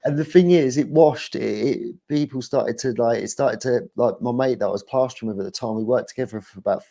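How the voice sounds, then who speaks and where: A man's voice: mid-range voice, a little fast, vocal fry, warm tone. A middle-aged man, chatting casually as a guest on a livestream, rambling and laughing often.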